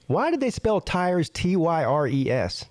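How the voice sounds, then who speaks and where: A man reads news stories on his show and stops often to react with blunt, salty asides. His pitch swings up and down a lot, especially when something strikes him as ridiculous. The sound is dry and close, with no room echo. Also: very animated, measured pace, a little mellow. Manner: jumps high in pitch when incredulous. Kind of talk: casual news reading with commentary.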